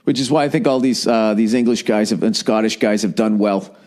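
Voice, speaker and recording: A man's voice: lowish voice, steady tone, fairly quick, darkish tone. A man hosting a podcast alone, ranting in a rambling, sardonic way and swearing often. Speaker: podcast host. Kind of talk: solo podcast rant.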